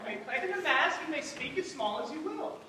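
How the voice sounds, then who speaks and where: A woman's voice: high voice, lively intonation, fairly quick, bright, forceful tone, slight background noise. A woman playing an earnest carpenter who directs a group of amateur players on stage. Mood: organizing. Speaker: stage actor. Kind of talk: stage play performance. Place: theater stage. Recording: echoey stage from far off.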